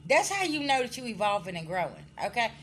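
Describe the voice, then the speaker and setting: A woman's voice: a little high, sing-song, fast talker, fairly bright tone. A woman giving a casual spiritual reading to her viewers, blunt and scolding, swearing freely and checking in with "okay?" as she goes. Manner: addresses viewers directly, frequent "okay?" checks. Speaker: spiritual card reader.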